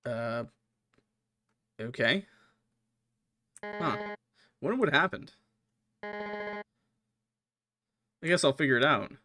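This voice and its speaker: A man streaming a game, reading the characters' lines aloud in put-on higher voices between joking and swearing. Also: lively intonation, slow pace, long pauses. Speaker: gaming streamer. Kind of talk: let's play with voiced dialogue reading. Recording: music playing behind the voice. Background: game music.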